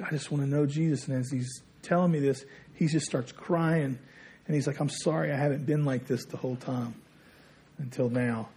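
A man's voice: on the high side, mellow, slightly rough. A man preaching a sermon, telling a story in a conversational way and dropping his voice when he quotes others. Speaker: pastor.

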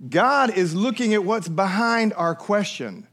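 A man's voice: sits high, lively intonation, measured pace, a bit bright. A man preaching a sermon. He puts on voices for the people he quotes and keeps asking the listeners questions. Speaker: pastor.

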